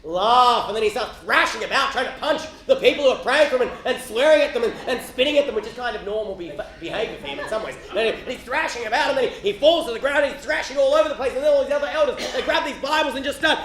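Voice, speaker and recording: An Australian man telling an animated comic story live on stage, sometimes building to loud, laughing shouts. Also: very high voice, fast, few pauses. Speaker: comedian storyteller. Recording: roomy live venue echo.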